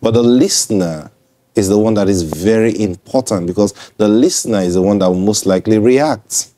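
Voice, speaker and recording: A man's voice: lowish voice, normal speed, dark tone. A man preaching in a broadcast sermon. He speaks conversationally, repeats himself and checks in with listeners.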